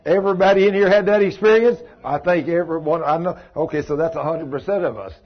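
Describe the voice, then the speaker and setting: Man leading a casual Bible study, slightly high and husky, chatty and questioning, muffled recording. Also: fast. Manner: folksy, addresses listeners by name, asks them questions. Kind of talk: informal Bible study teaching. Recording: dull lo-fi recording.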